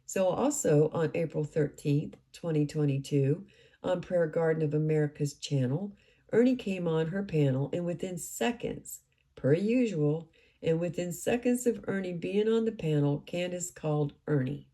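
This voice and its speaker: Low mellow woman recapping a case. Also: normal speed. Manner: recounting and quoting others. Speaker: true-crime commentator.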